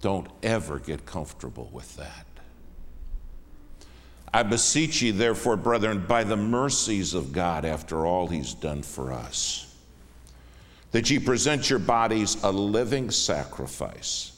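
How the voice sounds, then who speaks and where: Man, deep voice, unhurried sermon, lively swooping delivery, long church-hall reverb. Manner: emphatic, swings from hushed to raised. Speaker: guest preacher. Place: church sanctuary.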